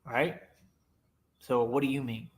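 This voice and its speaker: A man's voice: medium pitch, flat delivery, takes it slowly. Boastful man taunting his viewers. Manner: boastful, taunting, repeats "right?". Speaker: streamer in a reacted clip.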